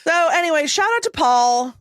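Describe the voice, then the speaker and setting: A woman's voice: sits high, lively intonation, normal speed, fairly bright tone, dry recording, clean studio sound. A woman co-hosting a podcast, chatting casually with sarcasm and some swearing. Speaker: podcast co-host.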